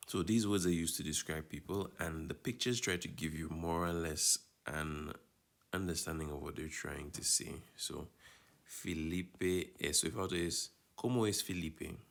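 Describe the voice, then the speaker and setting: A man's voice: low-pitched, moderate pace, gravelly, fairly bright tone. A man teaching a Spanish lesson, explaining patiently and checking in with his students as he goes. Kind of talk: recorded lesson walkthrough.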